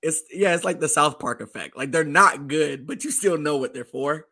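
Brief: hoarse male co-host, bright forceful tone, excitable fan energy. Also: on the high side, normal speed. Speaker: podcast co-host. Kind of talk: casual chat.

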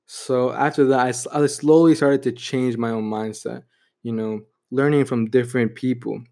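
Brief: young adult man, mid-pitched, reflective personal storytelling, filler-heavy. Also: fairly even intonation, moderate pace, a little mellow. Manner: reflective, heavy use of "you know" and "like".

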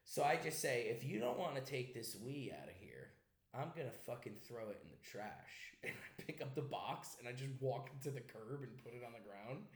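A young man with an Italian-American accent, a podcast host telling a story in casual chat, profane and animated, slipping into voices. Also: mid-range voice, normal speed. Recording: echoey room.

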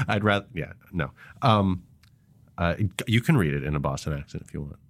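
A man with a very low, deep voice co-hosts a podcast, chatting casually and laughing often. His talk is halting and full of restarts. The sound is dry and close, with no room at all. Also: animated, dry recording. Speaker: podcast co-host.

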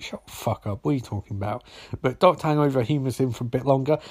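A young man talks through a TV episode in a loose, unscripted ramble. He swears freely and wanders into jokey asides, and his voice sits at an ordinary middle pitch. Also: darkish tone. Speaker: TV episode recapper. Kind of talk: casual episode recap.

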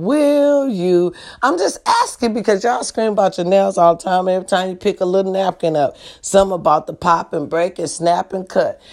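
A woman's voice: medium pitch, creaky, a little mellow. A woman vlogger ranting to her viewers in a blunt, profane way, often asking if they understand her. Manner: blunt, profane, keeps asking the audience for agreement. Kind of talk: casual rant to viewers.

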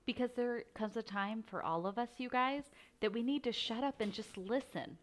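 A woman's voice: on the high side, normal speed. A woman co-hosting a faith podcast, talking animatedly and acting out quotes as she explains. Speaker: podcast co-host. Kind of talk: casual podcast chat.

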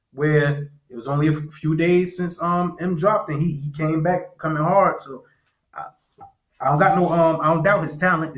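A blunt man co-hosting a casual podcast with a slightly raised pitch. He talks with emphatic, profane force. His voice bounces around a roomy, echoey space. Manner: blunt and emphatic, heavy swearing. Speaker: podcast co-host.

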